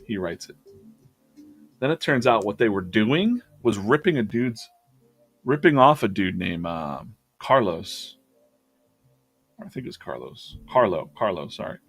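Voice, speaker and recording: A man's voice: lowish voice, sing-song, measured pace, long pauses, husky, faint music behind. A man streaming himself drawing, retelling a story in a loose, rambling way with lots of fillers and restarts. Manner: rambling storytelling with many fillers and self-corrections. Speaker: artist hosting a live drawing stream. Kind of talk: casual chat while drawing.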